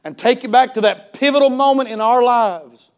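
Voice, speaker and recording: Male preacher, very high voice, impassioned revival sermon, shouts then hushes. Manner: impassioned, swings between shouting and hushed tones; storytelling, retells others' words with drawn-out emphasis. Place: church service.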